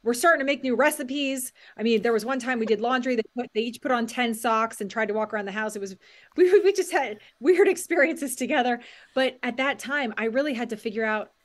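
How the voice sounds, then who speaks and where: A middle-aged woman speaking a little above the usual pitch, guesting on a podcast. She tells stories with energy, slipping into quoted voices and laughing often. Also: quick pace, few pauses. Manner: animated storyteller, acts out quotes and laughs often. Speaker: guest, mindset coach and author. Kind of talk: podcast interview.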